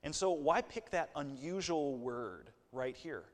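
A man's voice: on the high side, animated, a little slow, long reverb tail. A man preaching a sermon in a conversational way, with asides and light jokes. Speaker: pastor.

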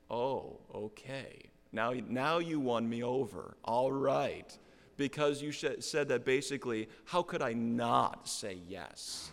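A man's voice: medium pitch, animated, unhurried. A middle-aged man preaching a sermon, explaining a text earnestly and repeating key phrases for emphasis. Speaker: pastor. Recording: long reverb of a hall.

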